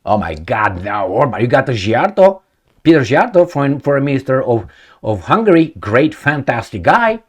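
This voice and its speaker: A man's voice: medium pitch, very animated, moderate pace, slightly rough. Blunt rambling man mocking politicians. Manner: gropes for names, many fillers and restarts. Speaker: political commentator. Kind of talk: casual monologue.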